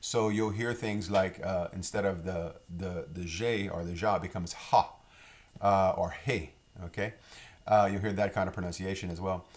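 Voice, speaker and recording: A middle-aged man from Louisiana with a Cajun accent, giving a casual language lesson in a relaxed, rambling way with many fillers. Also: low voice, normal speed. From Louisiana, Lafourche Parish. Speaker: French teacher.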